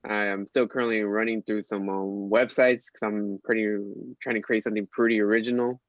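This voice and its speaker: A man's voice: fairly low pitch, level tone, brisk, no echo, highs cut off. A man speaking as a podcast guest in casual chat, hesitant, with lots of ums and uhs.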